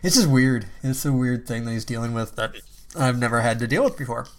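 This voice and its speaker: A man's voice: mid-range voice, brisk. A man chatting casually as a parent, laughing often and swearing easily. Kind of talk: casual chat.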